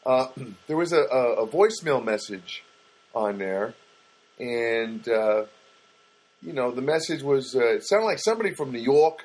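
A man's voice: medium pitch, expressive, measured pace, darkish tone. A middle-aged man hosting a podcast, talking in a rambling, wry, self-mocking comic monologue. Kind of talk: casual comedic monologue.

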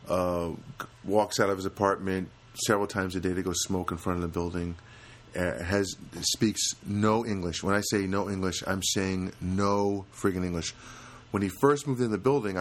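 Low-voiced man rambling through a comic podcast. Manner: rambling, self-deprecating, many restarts. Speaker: podcast host. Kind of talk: casual comedic monologue.

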